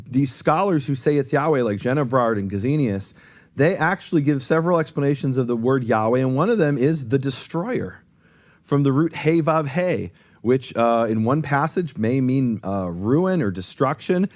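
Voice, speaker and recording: A guest teacher on Hebrew, a man with a medium-pitched, darkish voice, explains things in detail on a talk show at a moderate pace. His delivery is animated, earnest and lecturing, and he repeats key points with emphasis.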